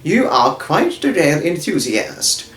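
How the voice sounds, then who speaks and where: A man's voice: fairly high pitch, big pitch swings, slow, a bit bright, slight background noise, pitched above the performer's own voice, exaggerated voice. A man voicing a friendly male cat, speaking in a cheery, thankful way, in a roomy recording. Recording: roomy echo.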